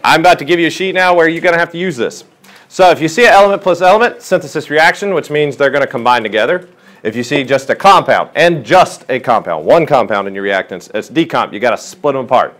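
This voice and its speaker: A man's voice: on the high side, fast talker. A man tutoring a chemistry class, asking students questions as he works through problems in a classroom. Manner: lively, questioning teacher talk. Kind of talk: classroom lesson.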